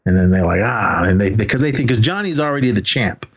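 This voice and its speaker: A man with a fairly low voice talks fast with lively intonation, the recording's highs cut off. As a podcast co-host recapping movies, he's rambling and hesitant, full of fillers, and acts out lines he quotes.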